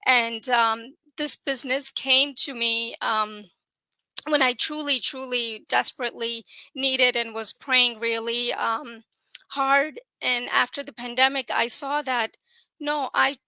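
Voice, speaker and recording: A woman's voice: a little high, sharp tone, smooth, no room sound, rough recording. A middle-aged woman guest sharing a heartfelt personal story, earnest and grateful. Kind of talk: personal testimonial. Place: home.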